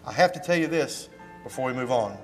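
A man, a pastor giving church announcements and telling a story in a folksy, animated way with emphatic rises, fighting a slight cough. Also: medium pitch, brisk, soft background music. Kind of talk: church announcements and sermon talk. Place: church sanctuary.

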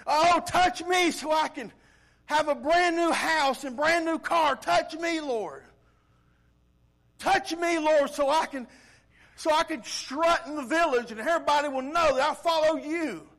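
A man's voice: very high-pitched, unhurried, fairly bright tone, pitched above the performer's own voice, heavily acted. A man voicing a vain, greedy worshipper who begs God for riches and fame, pleading in a showy way. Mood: wheedling.

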